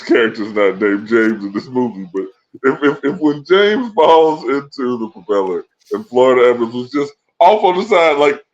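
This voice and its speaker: A man co-hosting a casual movie-review podcast, laid-back and quick to laugh. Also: medium pitch. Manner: laid-back, laughs often, says "bro". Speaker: podcast co-host. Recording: dull lo-fi sound.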